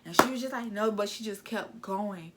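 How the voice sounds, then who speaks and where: A woman in her twenties, a vlogger, casually retelling drama in a blunt, gossipy, animated way. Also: mid-range voice, normal speed, heavy background noise. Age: 20s. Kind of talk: casual storytelling vlog.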